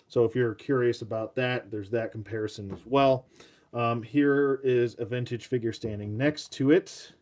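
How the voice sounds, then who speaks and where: A man's voice: medium pitch, darkish tone. A man talking casually through a toy review with a mid-range voice. He rambles, trails off into ums and uhs, and slips in self-mocking jokes.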